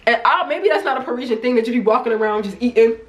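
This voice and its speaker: A middle-aged American woman from New Jersey talks casually to her camera. She is chatty and animated and keeps slipping into the voices of people from her stories. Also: fairly high pitch, rapid-fire. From United States, New Jersey. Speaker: travel vlogger.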